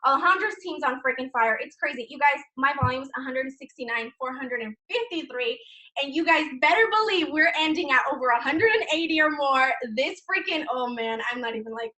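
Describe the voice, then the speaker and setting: High bright-voiced woman, upbeat team pep talk. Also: lively intonation, fairly quick, distant mic. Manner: enthusiastic, swears lightly, frequent "you guys". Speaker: team leader in direct sales. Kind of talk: casual motivational chat.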